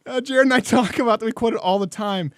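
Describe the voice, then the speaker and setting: A man's voice: extremely high pitch, fast, dry recording, clean studio sound. A man hosting a talk show, telling stories animatedly and laughing often in casual chat.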